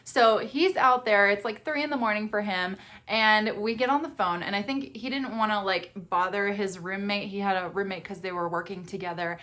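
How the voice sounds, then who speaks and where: Young adult woman, mom vlogger, casual and chatty, expressive storytelling with frequent laughs. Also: medium pitch, normal speed. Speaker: vlogger and mother of twins.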